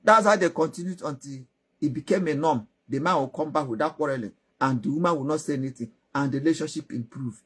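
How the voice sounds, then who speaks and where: A man telling a story in a casual, repetitive way. His voice is husky and sits fairly high. He tells it as a lively oral tale. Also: quick pace.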